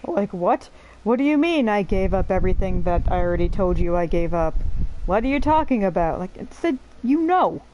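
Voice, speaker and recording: A woman streamer giving casual gameplay commentary, playful, profane and quick to laugh. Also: medium pitch, very animated, mellow, dull audio, slight background noise.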